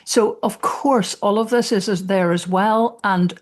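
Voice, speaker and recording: A woman's voice: mid-range voice, unhurried. A Scottish woman hosting a podcast, chatting casually with laughs and restarts. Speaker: podcast host.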